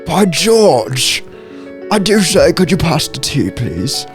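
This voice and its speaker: A man playing a pompous, posh English gentleman with an exaggerated upper-class affectation in a comedy bit on a podcast. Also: a little high, big pitch swings, takes it slowly, soft background music, pitched above the performer's own voice.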